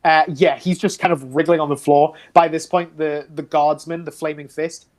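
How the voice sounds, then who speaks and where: Brief: easygoing game master, casual rambling narration, average pitch. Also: steady tone, moderate pace. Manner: casual, rambling, filler-heavy.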